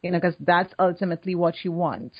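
A woman's voice: fairly low pitch, steady tone, fast, breathy edge. A woman with a Trinidadian accent, co-hosting a casual podcast chat and laughing easily. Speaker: podcast co-host. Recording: dull lo-fi sound.

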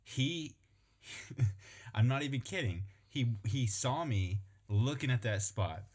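A young man chatting casually, telling a story with lively acted-out quotes and frequent laughter. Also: mid-range voice, takes it slowly, husky. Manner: animated storyteller, acts out quotes, laughs often. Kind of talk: casual chat.

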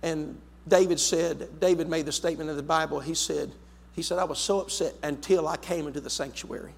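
A man preaching a sermon as pastor, swinging between loud, urgent lines and hushed, intimate ones. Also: a little high, fairly even intonation, fairly quick, vocal fry. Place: church sanctuary. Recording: long church reverb.

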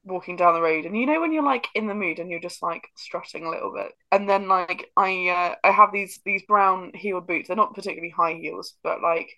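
A woman's voice: fairly low pitch, fairly quick, few pauses, sharp tone, poor audio. A woman co-hosting a casual Christian chat podcast, laughing easily and telling self-deprecating anecdotes. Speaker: podcast co-host.

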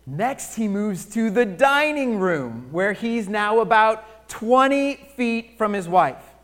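A man preaching a sermon as pastor, telling a story and moving between loud emphasis and near-hushed delivery, drawing out key phrases. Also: sits high, big pitch swings, slow.

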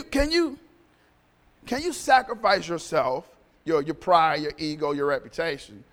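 A man's voice: sits high, fairly bright tone, big-room sound, full character voice. A man voicing an earnest pleading priest. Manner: pleading, repetitive.

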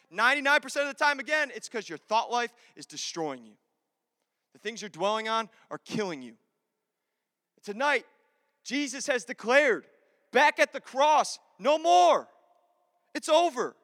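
A man preaching a sermon as a pastor, animated and confessional, swinging between loud urging and hushed asides. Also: high voice, no room sound, studio quality, big-room sound.

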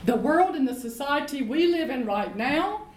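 High-voiced emphatic woman Bible teacher. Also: animated, normal speed, darkish tone, roomy sound, rough recording. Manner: emphatic, repeats points, asks rhetorical questions. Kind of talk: teaching sermon in conversation.

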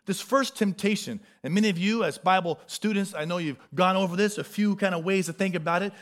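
A man preaching a sermon, a parent, with animated delivery, repeated refrains and acted-out quotes. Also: on the high side. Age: adult, a parent. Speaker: pastor.

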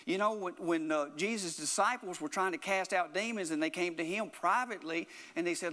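A man's voice: sits high, a little fast, few pauses, bright, forceful tone, big-room sound. A man preaching a sermon in an earnest, repetitive way, often restarting his phrases.

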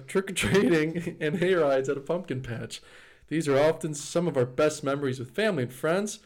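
A man's voice: on the high side, darkish tone, natural voice. A man doing a mock Australian label reader. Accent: put-on Australian. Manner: playful, drifting in and out of the accent.

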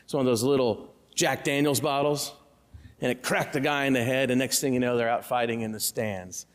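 A man's voice: mid-range voice, fairly even intonation, brisk. Male pastor preaching in a reverberant church. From Central Illinois. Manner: storytelling with humor, conversational asides to the congregation. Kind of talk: sermon. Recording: long hall reverb in a church.

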